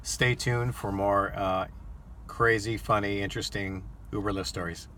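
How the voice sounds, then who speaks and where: A man with a fairly low voice and a bright, forceful tone tells a story in a loose, rambling vlog style. He stumbles and repeats words and fills pauses with ums and uhs. A faint hum sits behind him. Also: fairly even intonation. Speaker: rideshare driver and vlogger.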